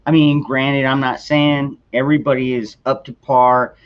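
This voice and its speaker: A man's voice: medium pitch, little pitch movement, moderate pace, clean tone. A middle-aged man hosting a casual political chat stream, talking in rambling bursts with many restarts. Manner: rambling, frequent restarts and fillers. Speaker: livestream host. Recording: dull lo-fi sound.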